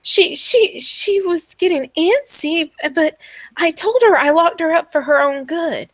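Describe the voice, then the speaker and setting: A woman's voice: very high-pitched, unhurried, no room sound, voice pushed up. A woman voicing a frantic, grieving village mother who stammers and pleads over and over. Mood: pleading, distraught. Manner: stammering, pleading, repeats herself.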